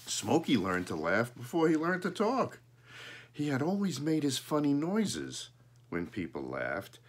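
A man reading a children's story aloud, adding relaxed, chatty asides. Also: medium pitch, slightly rough. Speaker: storybook reader.

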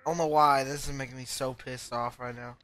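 A woman's voice: very deep voice, fairly even intonation, fairly quick, a bit bright. A woman streaming a frustrating climbing game, yelping yes and no, laughing and shrieking at every setback. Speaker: VTuber streamer. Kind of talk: reactive gameplay commentary.

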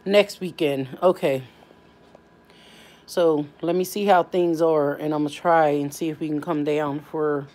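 A woman's voice: low-pitched, steady tone, a little slow, darkish tone. A tired, yawning woman hosting a casual family live stream from home, talking informally with lots of fillers. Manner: drawling, informal, many fillers. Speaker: family channel host.

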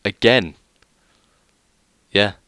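This young man draws out his words, and his tone is bright and forceful with no echo. As a gaming YouTuber, he rambles through a self-deprecating let's-play tour of a game world, stumbling over plenty of hesitant fillers.

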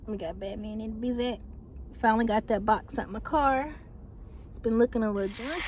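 Talking directly to her viewers in a rambling, casual vlog, this young adult woman speaks a little fast in a voice on the high side. Loud car noise fills the background.

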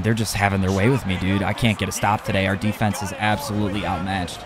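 A young man commenting on his own football video game as he plays, excitable and talking to himself, often yelling at plays. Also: lowish voice. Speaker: gaming YouTuber. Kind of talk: live gameplay commentary.

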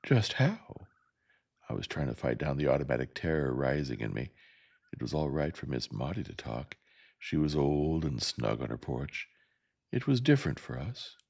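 A man reads a novel aloud in a soft, calm, unhurried way. His voice sits very low, with a gravelly fry and a husky edge, and his pitch moves in lively swings. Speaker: narrator. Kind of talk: gentle audiobook reading.

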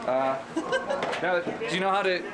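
A man's voice: sits high, a little slow, very noisy. A man who works as a musician, explaining things in a playful, jokey way. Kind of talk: casual chat. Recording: venue with loud crowd. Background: loud crowd.

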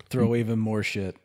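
A man's voice: lowish voice, darkish tone. A man co-hosting a podcast, chatting casually over homebrew and laughing often as he rambles. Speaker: podcast co-host. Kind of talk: casual chat over drinks.

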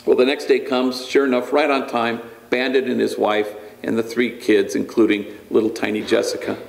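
A man's voice: mid-range voice, level tone, normal speed, gravelly, reverberant. A man, a priest, giving a storytelling lecture with humor and frequent restarts. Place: lecture hall.

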